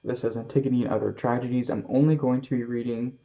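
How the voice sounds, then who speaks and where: Canadian male book vlogger, mid pitch, rambling and self-correcting, slightly dull audio. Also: fairly even intonation. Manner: halting, many fillers and self-corrections. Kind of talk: casual book haul talk.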